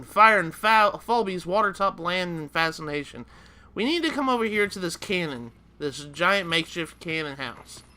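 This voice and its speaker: A man's voice: a little high, sharp tone. Chuckling man narrating a game. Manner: rambling, chuckling explanations with restarts. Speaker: let's play host. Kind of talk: casual gameplay commentary.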